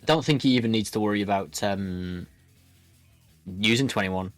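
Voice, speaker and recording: A man's voice: fairly low pitch, moderate pace, no room sound, faint music behind. A man commentating a card game match in a loose, rambling way, full of restarts. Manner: rambling, lots of fillers and restarts. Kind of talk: casual play-by-play commentary.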